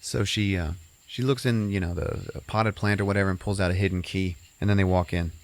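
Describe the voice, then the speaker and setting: A man's voice: low voice, steady tone, brisk, no room sound. A man hosting a podcast and casually recapping a movie in a rambling way, full of fillers. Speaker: podcast host.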